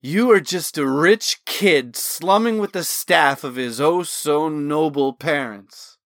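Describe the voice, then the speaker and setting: A man's voice: mid-range voice, unhurried, a bit bright, no echo, clean studio sound, close to an everyday voice. A man playing a slurring, bitter drunk worker. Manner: slurred, resentful.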